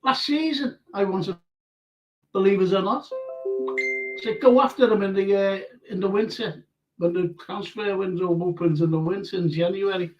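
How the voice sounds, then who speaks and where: A man's voice: high-pitched, normal speed, darkish tone, muffled recording, faint music behind. An older man hosting a live fan phone-in style show, chatting casually and reading viewer messages aloud with open emotion. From England. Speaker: host.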